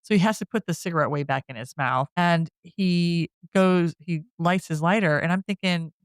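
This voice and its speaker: A man's voice: on the high side, clear, resonant tone, no echo, studio quality. A man recapping a horror movie with plenty of laughs. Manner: chatty, laughs often, drops into quick quoted voices. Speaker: podcast co-host.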